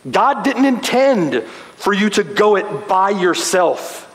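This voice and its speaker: A man preaching in a church sanctuary, his voice high and animated as it climbs and falls. He swings from ringing emphasis to low, quiet lines, slowing down to press repeated phrases home. A long reverb trails every word. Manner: emphatic, dramatic swings from loud to hushed, slow stressed repetition. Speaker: pastor. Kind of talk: expository sermon.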